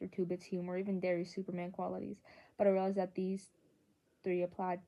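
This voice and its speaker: A woman's voice: fairly low pitch, highs cut off. A woman reading a novel chapter aloud in an earnest way, with small slips and restarts. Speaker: audiobook reader. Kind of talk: amateur audiobook narration.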